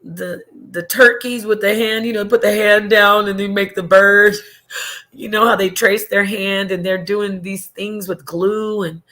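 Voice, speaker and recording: Hosting a livestream, a woman reads viewer comments and answers them in a casual, rambling chat, getting emotional, laughing, and restarting. Her voice is of ordinary pitch for a woman, a little slow, with a steady yet sharp tone.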